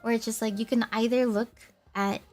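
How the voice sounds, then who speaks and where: A woman's voice: a little high, fairly even intonation, fairly quick, darkish tone, faint music behind. A young woman chatting casually on a livestream, rambling, teasing herself and laughing often. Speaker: VTuber streamer.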